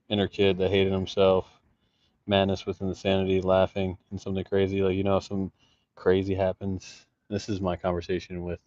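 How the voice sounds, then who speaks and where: Deep-voiced, profane male vlogger who tells rambling stories, recorded on dull, muffled audio. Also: darkish tone, no echo. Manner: rambling, profane, restarts sentences. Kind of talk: casual storytelling vlog. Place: outdoors in an urban jungle, sleeping rough.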